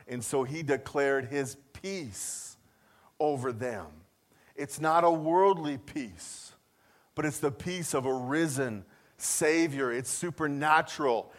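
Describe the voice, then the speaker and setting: High-voiced man preaching a sermon. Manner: animated preaching, repeats phrases, asks the congregation questions. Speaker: pastor.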